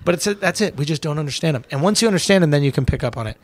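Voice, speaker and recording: A man's voice: on the high side, expressive, very fast, no room sound. An American man, a comedian guest on a podcast, talking casually and animatedly, with lots of fillers and swearing. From United States.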